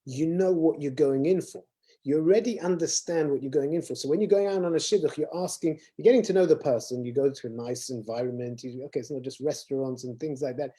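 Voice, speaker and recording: A man's voice: fairly high pitch, fast, dark tone, slightly rough. A man, a rabbi, explaining ideas earnestly in a casual conversation.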